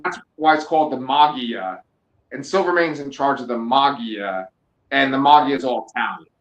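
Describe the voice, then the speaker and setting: A man's voice: mid-range voice, moderate pace, muffled recording. Joking, foul-mouthed man in an echoey room. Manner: profane, joking, animated storytelling. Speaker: podcast co-host. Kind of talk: casual chat.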